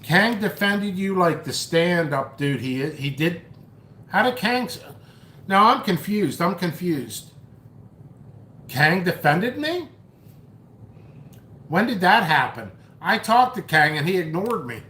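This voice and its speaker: A man's voice: high-pitched, very animated, measured pace, bright, forceful tone, roomy sound, slight background noise. A man hosting a live stream, chatting loosely as he reads comments and tells a story, often mocking and restarting his sentences. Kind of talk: rambling live stream chat, reading comments. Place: at home, eating noodles.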